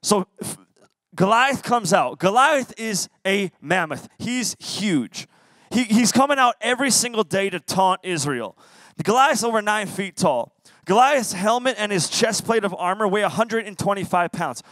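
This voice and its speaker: A young man, a youth pastor, giving a lively sermon to teens and playfully acting out quotes. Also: high-pitched, normal speed, no echo. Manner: playful, acts out voices and quotes. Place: church youth service.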